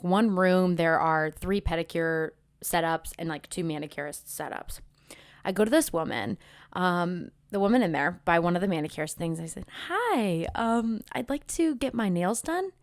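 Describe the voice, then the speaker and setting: A young woman vlogging as a travel content creator, telling a story in a chatty, animated way and acting out the voices of the people in it. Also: fairly low pitch, no echo, studio quality. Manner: chatty, animated, acts out quoted voices with many "like"s. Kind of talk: casual storytelling vlog.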